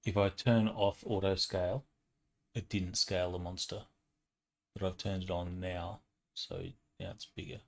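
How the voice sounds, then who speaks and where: A man's voice: low voice, flat delivery, normal speed, darkish tone. A man running a tabletop game as game master, explaining rules in a patient, matter-of-fact way.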